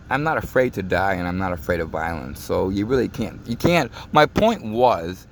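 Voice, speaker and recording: A man's voice: mid-range voice, a little hiss or hum. A man talking in a casual monologue, ranting with emphasis and lots of swearing, from inside a car. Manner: animated, emphatic, profane ranting.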